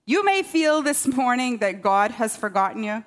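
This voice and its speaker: The woman's slightly high voice has a sing-song lilt, and she keeps a moderate pace through the sermon. Self-deprecating humor and a repeated "okay?" keep her conversational with the congregation.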